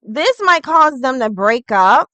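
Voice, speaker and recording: A woman's voice: high voice, very animated, slow, pushed and bright, dry recording, poor audio. A woman doing a casual tarot reading vlog, chatty and rambling, full of "like". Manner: chatty and rambling, heavy use of "like". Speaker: tarot reader.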